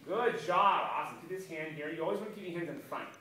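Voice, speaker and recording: A man's voice: fairly high pitch, fast talker, far from the mic, heavy background noise. Upbeat man coaching a kid's karate class. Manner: encouraging, coaching with counts and praise. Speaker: karate instructor. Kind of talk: kids' self-defense lesson. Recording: echoey room, voice from off-mic.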